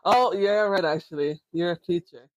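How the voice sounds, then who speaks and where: Teasing man with a higher voice. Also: dry recording. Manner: teasing, quick interjections. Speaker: podcast co-host. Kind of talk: casual chat.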